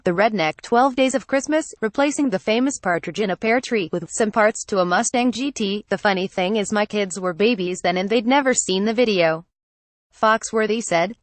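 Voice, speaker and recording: A woman's voice reading out a news article, photo credits and quoted punctuation included, in a flat read-out manner. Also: mid-range voice, no room sound. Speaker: news reader. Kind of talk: text-to-speech article reading.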